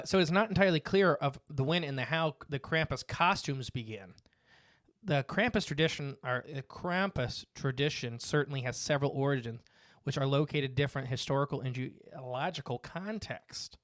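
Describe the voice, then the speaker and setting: Man, podcast co-host, casual rambling chat, mid-pitched, dry close sound. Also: no echo. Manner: reads facts from notes, rambling with fillers and restarts.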